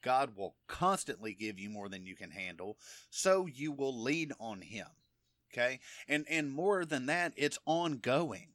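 A man's voice: mid-range voice, sing-song, measured pace, fairly bright tone, no room sound. Man, middle-aged, Bible teacher, casual and emphatic, dry close sound. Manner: conversational, emphatic, frequent "okay?" check-ins. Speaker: preacher.

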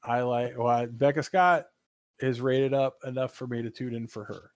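A man co-hosting a gaming podcast in casual chat, animated and opinionated, swearing freely. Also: mid-range voice, normal speed, no room sound, clean studio sound. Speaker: podcast co-host.

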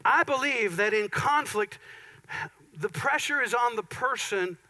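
A pastor preaching a conversational sermon, with playful asides and an Upper Midwest American accent. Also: male voice, extremely high pitch, expressive, a little slow, pushed and bright, poor audio.

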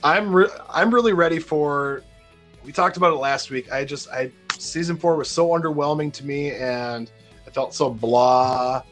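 A man's voice: on the high side, moderate pace, fairly bright tone, soft background music. A man with a Minnesota accent hosting a casual gaming podcast, rambling and repeating words as he talks. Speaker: podcast host.

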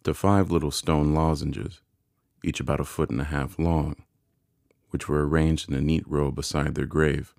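Very deep-voiced male narrator. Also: vocal fry, darkish tone, no room sound, clean studio sound. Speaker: audiobook narrator. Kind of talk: scripted narration of a classic novel.

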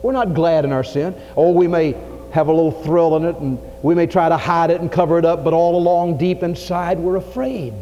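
Pastor preaching on an old church tape. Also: male voice, a little high, fairly even intonation, fairly quick. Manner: folksy preaching, swings from loud to hushed. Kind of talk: sermon. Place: church sanctuary. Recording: lo-fi 1980s church tape with long reverb and faint hiss.

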